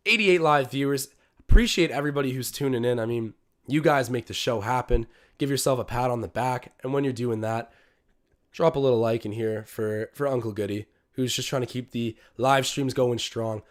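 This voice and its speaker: A young man calling a basketball game live for his stream viewers, chatty and excitable. He talks at an average pitch but jumps sharply upward whenever a big play happens, then settles back into easy banter with the chat. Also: normal speed. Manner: excitable, talks to chat, bursts of loud cheering. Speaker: live-stream watch-along host. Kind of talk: casual live game commentary.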